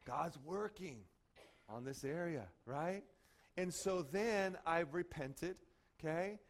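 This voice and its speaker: A man who is a pastor, preaching in a conversational way, telling stories with many "okay?" and "right?" asides. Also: a little high. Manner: animated storyteller, frequent "okay?" and "right?" asides. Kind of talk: conversational sermon with acted-out stories.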